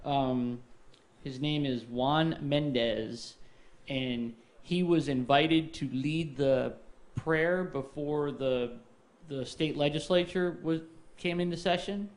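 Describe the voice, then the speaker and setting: A man with a somewhat high voice talks on a casual podcast. He rambles and stops often, circling back with fillers as he works through a story. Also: slow. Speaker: podcast co-host.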